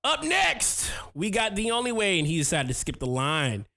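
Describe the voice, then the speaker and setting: A man's voice: on the high side, expressive, brisk, bright, forceful tone. A man in his thirties hosting a casual stream, reading viewer comments aloud and talking loose and slangy about making beats. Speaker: host reviewing viewer beats. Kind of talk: casual livestream chat.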